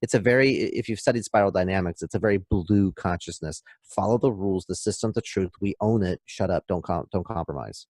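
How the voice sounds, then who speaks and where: A man speaking as a podcast guest, explaining in an emphatic, animated way and acting out little scenes. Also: low-pitched, a little fast, few pauses, dry recording, clean studio sound. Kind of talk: casual podcast talk, explaining.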